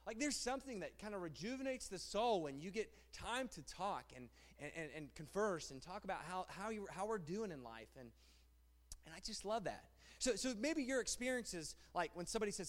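Man preaching, high voice, animated, repeats phrases, long hall echo. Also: normal speed. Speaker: pastor. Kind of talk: sermon.

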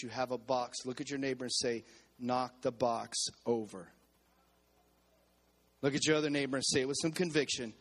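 Man preaching with rising fervor. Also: a little high. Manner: preaching with call-and-response to the congregation; repeats and restarts phrases, rising in intensity. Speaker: pastor. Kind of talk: sermon. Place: church.

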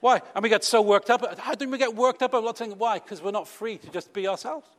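This is a fast-talking British man with a high-pitched voice, preaching to his congregation. He keeps it conversational and playful, leaning heavily on rhetorical questions. The clip has the long echo of a church hall.

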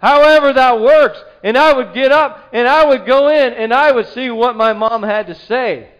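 A man preaching a sermon, telling the story with animated delivery and acting out the quoted voices. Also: very high-pitched, moderate pace, lo-fi sound. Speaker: pastor.

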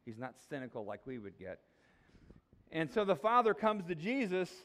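A man's voice: a little high, very animated, moderate pace, fairly bright tone. A middle-aged man preaching a sermon in a conversational way, often restarting his sentences and acting out the voices of people in the story. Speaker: pastor.

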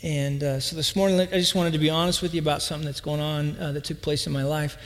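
A pastor in his thirties with a high voice tells a humorous story from the pulpit. He chats easily and acts out his family's lines. His voice rings with the long reverb of a church hall. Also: steady tone, fast. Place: church hall with live audience.

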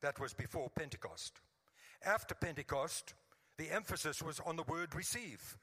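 A fervent male pastor preaching to his congregation, his voice bright and forceful and rather high for a man. He keeps asking the room to answer him back. The sound rings out with a long hall reverb. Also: animated, moderate pace, husky. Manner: fervent preaching with call-and-response "Amen?". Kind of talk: sermon. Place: church sanctuary.

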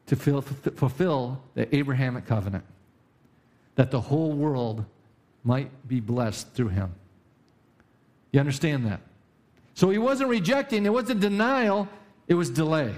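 A male pastor preaching a sermon, repeating key lines with sudden rises and drops in pitch. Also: expressive, measured pace, long pauses, darkish tone. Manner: preaching with emphatic repetition and sudden pitch swings.

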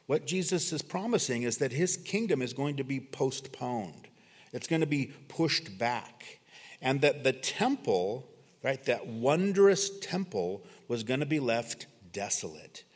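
Man, earnest expository preacher, mid-range pitch, phrase endings drop low, sanctuary reverb. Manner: earnest, dramatic pauses when reading scripture, trailing low at phrase ends. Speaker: pastor. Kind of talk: expository sermon. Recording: long reverb of a church hall.

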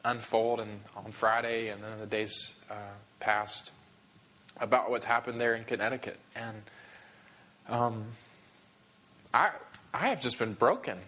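Emotional pastor with a bright voice. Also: male voice, mid-range voice. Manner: emotional, halting, frequent restarts. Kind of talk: sermon.

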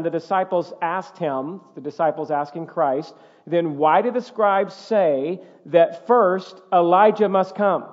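A high-pitched man preaching with emphasis, reading verses aloud and checking that his listeners keep up. His voice carries a long reverb and sounds a little dull, as if recorded in a church sanctuary. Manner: emphatic preaching, reads scripture aloud, asks congregation to follow along. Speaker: pastor. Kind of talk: sermon.

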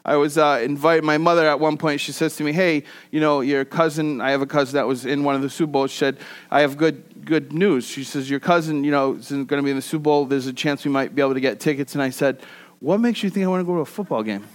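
A pastor preaching a conversational sermon, mixing scripture with joking personal stories and swinging between loud and soft. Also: male voice, on the high side, fast.

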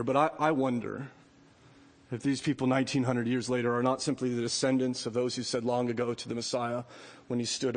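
High-voiced man preaching in a big hall. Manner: animated preaching, acts out voices of biblical figures. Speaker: pastor. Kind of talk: sermon.

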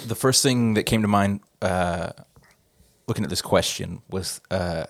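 A man's voice: low voice, a little slow, dry recording, studio quality. A man hosting a casual podcast chat, laid-back and laughing between phrases. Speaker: podcast host.

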